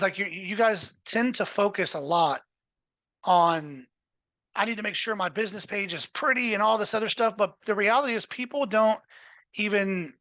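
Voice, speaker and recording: Bright, blunt man coaching. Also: high voice, dry recording. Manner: blunt, profane, energetic. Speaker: webinar host. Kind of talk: casual coaching webinar. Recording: dull, lo-fi audio.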